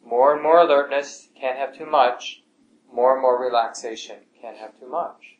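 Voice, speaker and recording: A man teaching a meditation class in a calm, gentle way, his voice often sinking soft and low. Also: moderate pace, highs cut off. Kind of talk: relaxed meditation class talk. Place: class room with students. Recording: echoey room, faint ambience.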